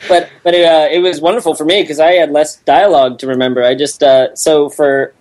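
A man chatting on a podcast, deadpan and joking about his role. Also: fairly high pitch, brisk. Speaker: actor on a podcast. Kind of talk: casual joking chat.

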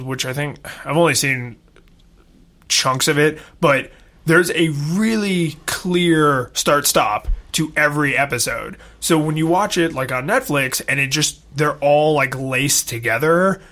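Chatty young man with a bright voice. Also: on the high side. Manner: chatty, filler-heavy, quick asides. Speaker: podcast co-host. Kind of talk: casual chat.

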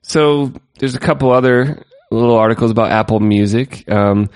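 A man's voice: medium pitch, moderate pace, darkish tone, clear, resonant tone, dry recording, clean studio sound. A man co-hosting a casual tech podcast, chatty and sarcastic, laughing often. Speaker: podcast co-host.

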